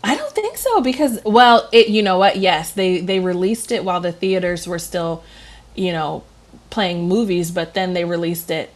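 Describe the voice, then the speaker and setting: A woman co-hosting a casual podcast, chatty and quick to laugh. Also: lowish voice. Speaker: co-host.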